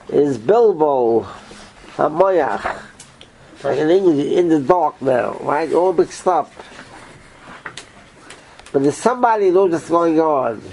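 A man giving an informal Torah class, quizzing his listeners in an animated way. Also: fairly high pitch, slight background noise, poor audio. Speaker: Torah teacher.

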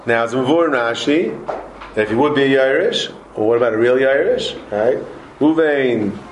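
A man giving a Talmud class lecture, animated, repeating words and joking with his students. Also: mid-range voice, normal speed, a little hiss or hum. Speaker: Talmud teacher. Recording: roomy echoey room.

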